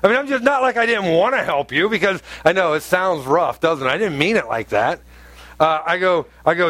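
A man preaches a sermon to his congregation in a chatty, storytelling way that now and then rises to forceful emphasis. His voice sits a little high for a man. The sound is dry and close, with almost no room echo. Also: animated, fairly quick. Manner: conversational preaching, rising to emphatic outbursts. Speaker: pastor.

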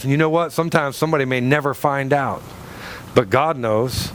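A man's voice: medium pitch, a little fast, slight background noise. A male pastor preaching a sermon in a church, firing rhetorical questions with dramatic swings in his delivery.

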